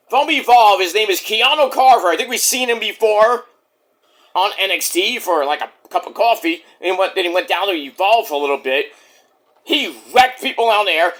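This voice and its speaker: A man recapping a wrestling show in a casual vlog, excitable, rambling and profane. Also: sits high.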